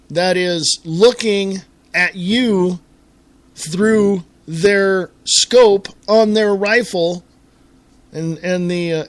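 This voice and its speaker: Alone on his own internet radio talk show, a middle-aged American host rants with exasperation in a fairly high voice. As he works himself up, he keeps repeating and restarting words, and the recording is dry.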